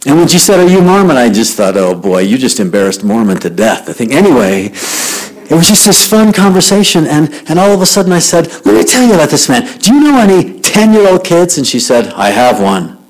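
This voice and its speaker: A man's voice: on the high side, very animated, fairly quick, rough recording. A man from Utah telling a story to young people, acting out both sides of a conversation. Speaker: youth speaker. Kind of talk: storytelling talk to youth.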